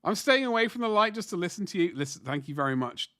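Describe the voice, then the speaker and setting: A man in his forties with a slightly higher voice, recorded close and dry with no room sound. He rambles in casual livestream chat, pokes fun at himself and answers the chat while painting miniatures at a hobby desk. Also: big pitch swings, fast, a bit bright, dry recording. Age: 40s.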